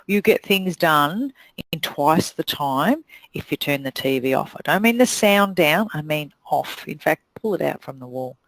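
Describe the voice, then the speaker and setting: A middle-aged woman with a New Zealand accent coaches salon owners and hairdressers, delivering a blunt, direct motivational talk and acting out the voices she quotes. Her voice is deep and expressive at a normal pace. The recording is dry and low in quality.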